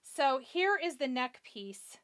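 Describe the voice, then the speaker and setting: A woman's voice: sits high, big pitch swings, slow, fairly bright tone. A woman hosting a live craft tutorial, chatting about her steps, teasing herself over small slips and answering viewer comments. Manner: chatty and self-deprecating, talking to herself as she works. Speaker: crafting livestream host.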